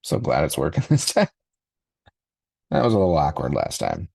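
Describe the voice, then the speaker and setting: A man's voice: extremely low pitch, huge pitch swings, normal speed, creaky, a little mellow, slightly rough, no echo. A man in his forties hosting a podcast, reacting casually in a rambling, nostalgic way with many fillers and restarts. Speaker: podcast host.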